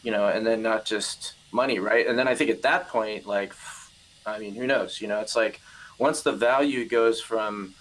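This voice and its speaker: A man's voice: lowish voice, normal speed, fairly bright tone, low-quality recording. A man in a casual basement chat, thinking aloud with many fillers and hedges. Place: home basement.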